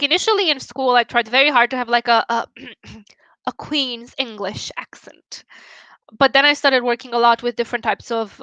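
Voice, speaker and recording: A woman's voice: high-pitched, bright, forceful tone, smooth, dry recording, low-quality recording. A young woman from Romania with a Romanian accent, chatting casually with viewers on a stream, laughing often and swearing freely.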